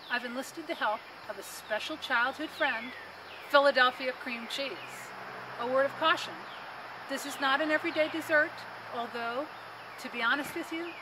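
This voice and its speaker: A woman's voice: fairly high pitch, background noise. A woman giving a chatty, homey cooking demonstration in her home kitchen. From Connecticut. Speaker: home cook. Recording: roomy kitchen echo, mic at a distance.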